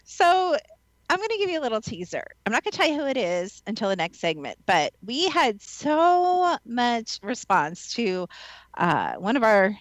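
Radio host: bubbly, chatty woman from the Midwest, lively pitch, dry close sound. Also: normal speed, no room sound, low-quality recording. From American Midwest. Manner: bubbly, laughs often, chatty. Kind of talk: casual radio chat.

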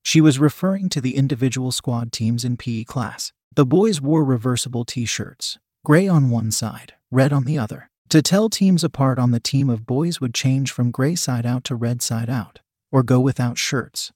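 A man reads a first-person story aloud in a steady, even manner. His voice sits at a middling pitch, and the recording is dry and close, with no room echo. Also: normal speed, few pauses.

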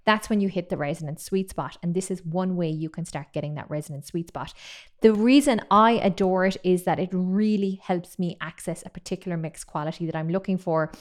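A singing voice coach in her thirties gives a vocal technique lesson, enthusiastic and chatty, demonstrating sounds as she goes. She has a lowish voice and speaks fairly quickly.

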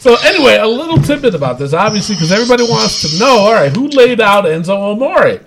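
A man's voice: sits high, big pitch swings, fast talker, creaky, noisy background. A man co-hosting a podcast, chatting casually and rambling through a wrestling recap with frequent restarts. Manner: rambling, restarts, laughs often. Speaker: podcast co-host.

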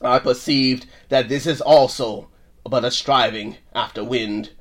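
A man voicing a weary old King Solomon in a put-on British accent, reading in a solemn, measured way. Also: mid-range voice, steady tone, pitched below the performer's own voice, lightly acted.

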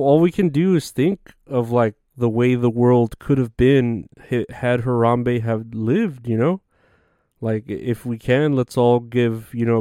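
Rambling, foul-mouthed man, smooth voice. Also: medium pitch, mellow, no echo, studio quality. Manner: profane, rambling, heavy filler words. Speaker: podcast host. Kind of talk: casual rambling monologue.

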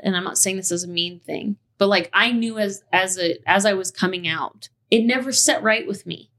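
Woman hosting a podcast, fired up and ranting, lots of vocal fry, mid pitch. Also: normal speed, hardly any pauses, fairly bright tone. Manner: passionate, impassioned rant with cussing. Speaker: podcast host. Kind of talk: heated podcast conversation.

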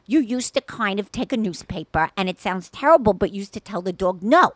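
Animated older woman, lively swearing storyteller. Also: mid-range voice, fairly quick, no room sound. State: sore-throated, exhausted. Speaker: podcast co-host. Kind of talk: casual chat.

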